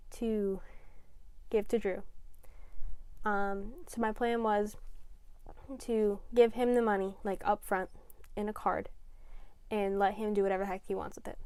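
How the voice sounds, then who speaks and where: A woman's voice: medium pitch, darkish tone, smooth, dry recording. A young adult woman vlogging casually, rambling and emotional with lots of fillers. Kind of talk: casual vlog chat.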